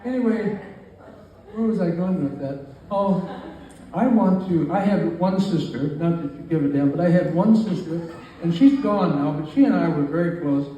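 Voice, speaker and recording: A man in his nineties stands up to speak at his own birthday party, joking and rambling. His voice sits fairly high for a man. He is caught from across the room, so it rings with heavy echo over a faint hum of ambience. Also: normal speed, dark tone, lo-fi sound. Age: 90s. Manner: joking, rambling, self-deprecating. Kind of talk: informal party speech. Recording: far-off mic in an echoey room with faint ambient noise.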